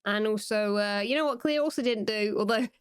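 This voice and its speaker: A woman's voice: medium pitch, brisk, clean tone, dry recording, studio quality. A British woman giving casual, playful gameplay commentary as a Minecraft YouTuber. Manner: chatty and playful.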